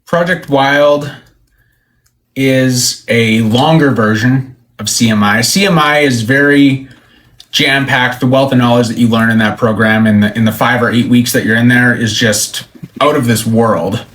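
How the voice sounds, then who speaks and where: A man in a casual interview who tells his stories with animation. He slips into the voices of the people he quotes, and his pitch sits in the ordinary middle range for a man. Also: a little slow. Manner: animated storyteller, acts out quoted lines. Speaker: country musician guest.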